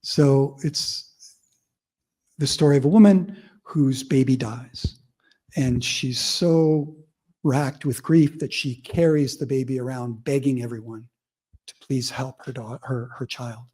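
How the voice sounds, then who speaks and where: A man's voice: mid-range voice, fairly even intonation, slow, dark tone, slightly rough. A man giving a public lecture who tells vivid personal anecdotes in a conversational way, full of "like" and "you know" fillers. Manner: vivid storyteller, audience-engaging. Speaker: academic speaker.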